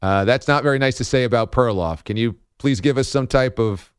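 A man's voice: medium pitch, a little fast, clean tone, dry recording. A man hosting a sports talk radio show, chatty and laughing often, on a studio microphone.

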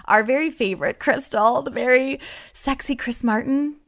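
A woman's voice: high-pitched, moderate pace. A woman radio host reading entertainment news in a bubbly, giggly way.

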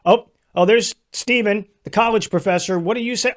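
A man's voice: sits high, normal speed. A man hosting a political commentary show, delivering a sarcastic, mocking opinion monologue.

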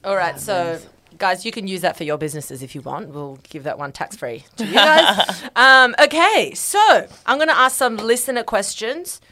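A woman's voice: medium pitch, expressive, normal speed, pushed and bright. Brief: woman podcast host, playful and chatty, mid-range voice. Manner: playful, asks silly hypothetical questions. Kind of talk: casual chat.

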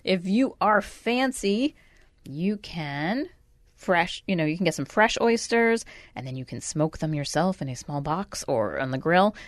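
Radio host, woman, wry and chatty, lowish voice, dry studio sound. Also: expressive, unhurried, no room sound. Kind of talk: casual radio chat and recipe tips.

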